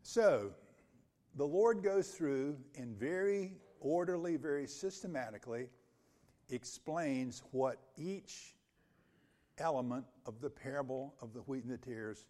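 A man's voice: medium pitch, darkish tone. A man preaching an expository sermon, reading scripture aloud and then explaining it step by step, repeating key phrases for emphasis. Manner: occasional restarts when speaking off the cuff.

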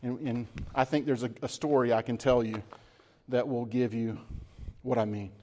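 A man's voice: mid-range voice, fairly even intonation, normal speed, darkish tone. A man preaching a sermon as pastor, earnest and emphatic with repeated phrases, then leading a closing prayer.

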